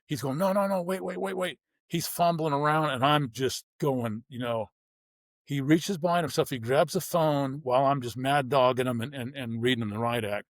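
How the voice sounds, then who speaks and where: A man's voice: mid-range voice, moderate pace, no room sound. Blunt storytelling man, dry close mic. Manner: vivid, blunt storytelling with acted-out dialogue. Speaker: guest, former pro football player. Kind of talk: storytelling interview.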